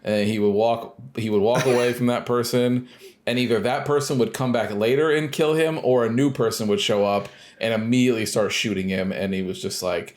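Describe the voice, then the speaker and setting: A man's voice: lowish voice, steady tone, moderate pace. A man co-hosting a podcast, telling a funny story and acting out what others said. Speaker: podcast co-host. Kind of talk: casual chat.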